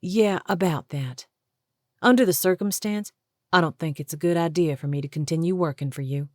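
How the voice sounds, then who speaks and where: A blunt young woman played by a woman with a low, steady voice, speaking firmly and without fuss. The audiobook sound is close and dry. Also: normal speed, dry recording, lightly acted. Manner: firm, flat, direct. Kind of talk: audiobook character voice.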